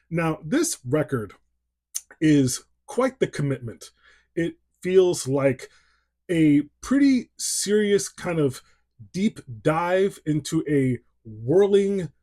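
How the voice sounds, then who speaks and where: A man's voice: on the high side, darkish tone, breathy edge. A man giving a casual album review in a playful, jokey, self-mocking way. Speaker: music reviewer.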